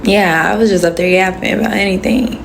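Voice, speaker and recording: A young woman chats on a phone livestream, answering viewers' comments with loose, slangy asides. Her mid-pitched voice has a gravelly, fry-tinged edge. A faint hiss sits under the recording. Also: fairly even intonation, fairly quick. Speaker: livestream host. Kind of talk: casual livestream chat.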